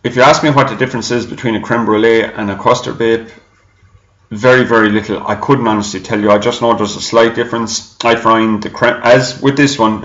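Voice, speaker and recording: A man with a fairly low voice talks through a product review in a loose, rambling way, often stopping to correct himself. The sound is dull and lo-fi, with the echo of a bare room around him. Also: fairly bright tone. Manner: chatty, rambling, self-correcting. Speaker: e-juice reviewer.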